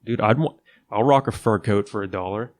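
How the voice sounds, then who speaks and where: A man's voice: lowish voice, a little fast, a little mellow. A man hosting a podcast alone, talking casually and jokingly, with a loose, slangy way of chatting. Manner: laid-back and jokey, says "dude" a lot. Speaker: podcast host. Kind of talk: casual solo legal podcast chat.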